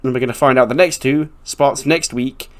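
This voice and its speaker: A man's voice: medium pitch, moderate pace. A man hosting a let's-play, narrating a wrestling management game in casual, profane, joking commentary.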